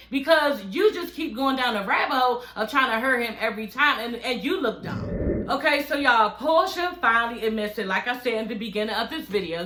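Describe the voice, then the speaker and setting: Woman vlog host chatting from her living room, bright voice, cussing a lot, echoey room. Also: fairly high pitch. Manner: blunt, profane, talks straight to viewers; acts out others' lines while retelling. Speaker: vlog host recapping a reality show. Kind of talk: casual chat.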